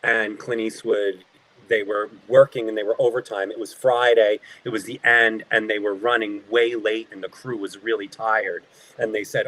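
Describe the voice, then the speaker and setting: A man, an actor as an interview guest, telling animated behind-the-scenes stories and acting out the people in them. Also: on the low side, normal speed, poor audio. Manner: animated anecdotes, acting out quoted voices. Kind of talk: casual storytelling.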